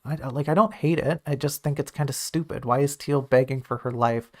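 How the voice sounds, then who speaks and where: A man's voice: mid-range voice, a little fast, darkish tone. A man in casual stream commentary, reviewing his own writing draft, thinking aloud in a self-critical, joking way.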